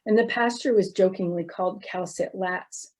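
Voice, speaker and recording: A woman's voice: on the low side, moderate pace, a little mellow. A woman giving a slide presentation lecture, explaining steadily with frequent ums and uhs. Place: recorded online talk.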